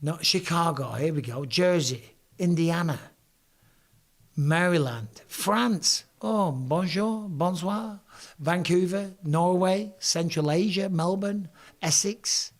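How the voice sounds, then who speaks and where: A hoarse man, banters through viewer comments on a casual live stream, cheeky and swearing. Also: on the high side, slow pace. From England. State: hoarse, voice strained.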